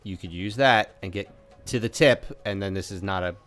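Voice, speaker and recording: A man's voice: low voice, moderate pace, fairly bright tone, faint music behind. A man running a tabletop game as game master, counting out distances and bantering with players.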